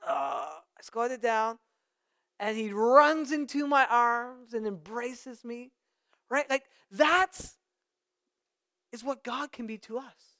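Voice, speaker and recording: Smooth-voiced man preaching a sermon. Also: extremely high pitch, takes it slowly, long pauses, pushed and bright. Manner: conversational with playful asides. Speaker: pastor.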